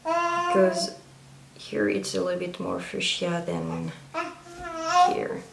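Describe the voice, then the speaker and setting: Woman, low voice, slow pace, chatty makeup tutorial, echoey room. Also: big pitch swings, vocal fry, very noisy. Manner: chatty, meandering, frequent fillers. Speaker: beauty vlogger. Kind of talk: casual makeup tutorial chat. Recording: roomy echo.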